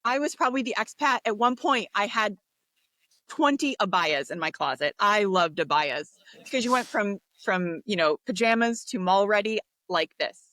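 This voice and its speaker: A woman, a podcast guest, telling a story in an interview, animated and acting out the voices of people she quotes. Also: mid-range voice, moderate pace, no echo. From United States.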